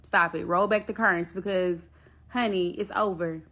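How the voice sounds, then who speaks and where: A woman's voice: fairly low pitch, normal speed. A woman casually retelling a personal ordeal in a storytime vlog, blunt and profane, acting out the other people in it. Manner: blunt, profane, animated retelling with quoted voices.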